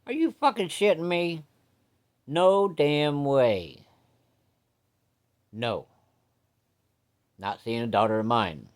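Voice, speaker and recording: A man's voice: fairly low pitch, moderate pace, natural voice. A man doing a hot-tempered cussing father. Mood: furious. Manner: cussing, loud, blustering threats. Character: hot-tempered blustering working-class father.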